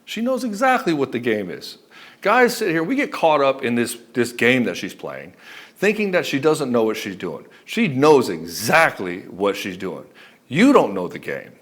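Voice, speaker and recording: A man's voice: mid-range voice, sing-song, normal speed, fairly bright tone. A man giving relationship advice as a coach, speaking bluntly and emphatically, with frequent swearing. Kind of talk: direct-to-camera advice monologue.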